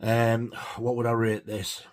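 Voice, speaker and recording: A man's voice: medium pitch, completely flat delivery, a little slow. A man giving a casual, rambling film review, hesitant with many fillers. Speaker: film collector reviewing horror films.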